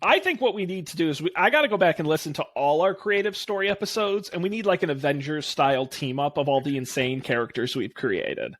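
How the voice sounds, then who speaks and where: Male podcast co-host, slightly high voice, upbeat and jokey, casual banter. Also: lively intonation, a little fast, hardly any pauses, fairly bright tone. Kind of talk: casual chat.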